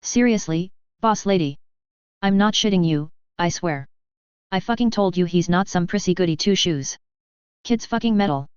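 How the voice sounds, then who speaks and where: A woman's voice: fairly low pitch, normal speed, clear, resonant tone, no echo, muffled recording, natural voice. A woman reading as a smug crowing male villain. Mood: gleeful. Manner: crowing, mocking, cackling. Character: smug gloating male villain, mind reader.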